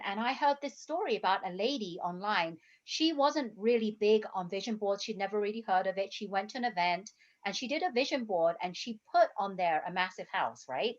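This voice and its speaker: A woman, a health coach, hosting a casual interview in an upbeat way and wrapping up with a pitch for her guest. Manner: upbeat, promotional wrap-up. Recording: slightly dull, lo-fi sound.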